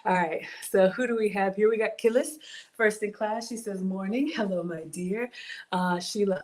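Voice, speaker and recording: A woman's voice: mid-range voice, moderate pace, darkish tone. A middle-aged woman hosting a casual home cooking livestream, playful and chatty as she greets viewers by name. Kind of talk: casual live cooking stream chat. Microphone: streaming from home setup.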